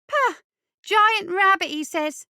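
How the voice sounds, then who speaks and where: A woman voicing a scrawny little street urchin boy who mocks and scorns in rough slang. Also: very high-pitched, animated, slow pace, bright, forceful tone, no room sound, clean studio sound, pitched above the performer's own voice, heavily acted. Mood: mocking. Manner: mocking, contemptuous, drawling slang.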